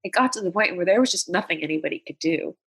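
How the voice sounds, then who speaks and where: Her lowish voice is a bit bright and slightly rough, with lively intonation and a quick pace. The woman is a Los Angeles comedian who, as a casual interview guest, shares stories in a candid, blunt, swear-filled manner.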